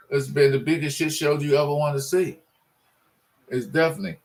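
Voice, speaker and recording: A man's voice: on the high side, normal speed, long pauses, a little mellow, low-quality recording. A man ranting in a casual monologue, frustrated and rambling, often restarting his sentences. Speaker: sports fan vlogger.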